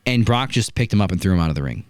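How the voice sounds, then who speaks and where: On a wrestling review podcast, a male host chats casually with a lively, swinging pitch, moving at a racing yet smooth clip. He narrates the action like a story and keeps tossing in rhetorical asides. His voice is dry and close-miked, with barely any room sound and no echo.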